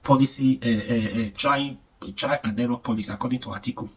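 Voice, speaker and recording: A man's voice: mid-range voice, steady tone, quick pace, breathy edge, far from the mic, poor audio. A man with a Nigerian accent giving emphatic, repetitive commentary, mixing in pidgin expressions. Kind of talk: casual commentary.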